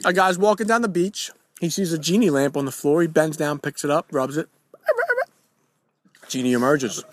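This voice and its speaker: A man telling a crude joke in a casual, quick, animated way. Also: on the high side.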